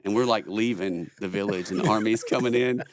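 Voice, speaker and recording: A man's voice: fairly low pitch, brisk. A middle-aged man telling war stories as a podcast guest, rambling, swearing and laughing often. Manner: rambling, laughs a lot, profane. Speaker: podcast guest, former Marine. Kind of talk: casual storytelling chat.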